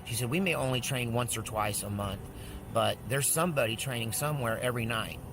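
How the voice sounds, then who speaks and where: A man's voice: medium pitch, a little fast, gravelly, background noise. A man telling a long story in a casual, rambling way, acting out the dialogue he quotes. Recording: speech with music underneath.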